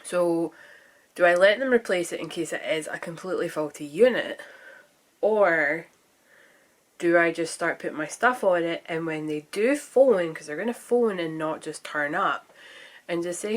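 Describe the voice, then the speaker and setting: A Scottish woman talks through her room in a relaxed, rambling vlog, thinking out loud as she goes. Her voice sits a little low for a woman, and she chats casually to the camera. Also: measured pace, pauses often. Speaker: vlogger. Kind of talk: casual chat. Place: room at home.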